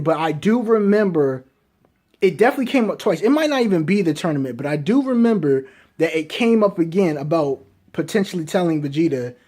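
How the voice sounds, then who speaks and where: A man giving casual fan commentary, talking excitedly and asking rhetorical questions over and over. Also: on the high side. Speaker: anime reviewer.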